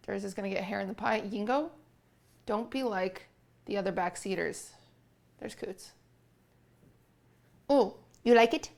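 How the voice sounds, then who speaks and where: A young woman in the middle of a casual live stream, chatting to viewers and breaking off to coo at her cat. Her voice sits at an ordinary middle pitch with a good amount of fry running through it. She sounds relaxed and talkative, as if at home in her kitchen.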